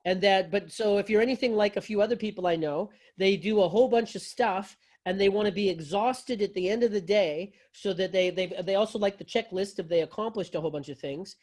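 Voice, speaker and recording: A man's voice: sits high, a little fast, hardly any pauses, darkish tone. A man teaching yoga philosophy to a class, talking loosely and conversationally, with folksy phrasing and frequent restarts.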